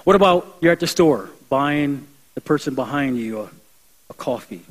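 A man's voice: on the high side, expressive, moderate pace, rough recording. A young adult man preaching a sermon in an earnest, conversational way, building emphasis as he goes. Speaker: pastor.

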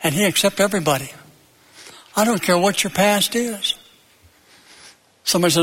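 A man preaching a sermon, emphatic, building to loud peaks and then dropping low, with stories and jokes along the way. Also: animated, brisk, long pauses, husky, in a large hall.

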